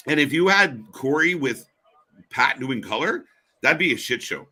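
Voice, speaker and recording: A man's voice: medium pitch, animated, moderate pace, bright, forceful tone. A man co-hosting a casual live wrestling commentary stream, blunt and opinionated, swearing now and then. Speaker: co-host.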